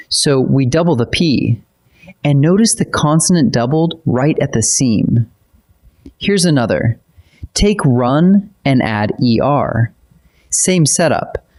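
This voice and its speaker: A man's voice: mid-range voice, darkish tone. A man narrating a scripted grammar lesson as a teacher, patiently spelling out letters and rules step by step.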